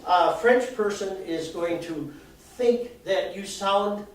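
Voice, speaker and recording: A presenter speaks slowly to a live audience in an indoor arts center event room, his voice fairly high. Chatty and self-deprecating, he explains ideas through everyday examples. The very echoey hall puts him far from the mic, and faint noise runs beneath the recording.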